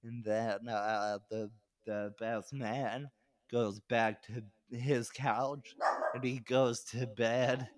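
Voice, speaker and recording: A man's voice: medium pitch, fairly even intonation, extremely slow, no room sound. Rambling young man, dry close sound. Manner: loose, rambling, swears, laughs mid-sentence. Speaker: comedian guest. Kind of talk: casual podcast storytelling.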